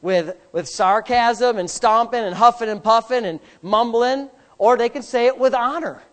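A woman preaching a sermon, emphatic and repetitive, building to forceful peaks as she drives her point home. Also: a little high, moderate pace.

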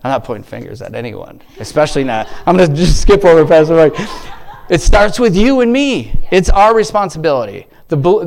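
His voice is a touch high and a bit mellow. As a lay church speaker giving a casual devotional to a church group, he meanders, interrupts himself mid-thought, and exclaims praise again and again.

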